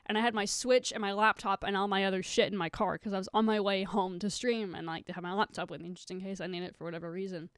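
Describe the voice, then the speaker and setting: A woman's voice: medium pitch, steady tone, fast talker, few pauses, smooth, no echo. A young woman streaming live, telling a rambling story to her chat, swearing a lot and close to tears.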